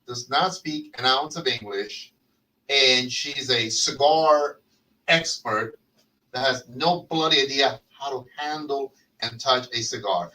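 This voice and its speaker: A man hosting a casual talk show, telling stories in an animated way and swearing freely as he acts out quotes. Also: medium pitch, slow pace. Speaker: podcast host. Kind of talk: casual storytelling chat. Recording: distant mic with faint noise.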